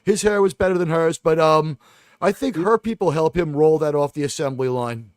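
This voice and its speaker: Quick, joking man with a higher voice. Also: a little mellow, dry recording, clean studio sound. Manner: quick, joking, full of fillers. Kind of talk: casual chat.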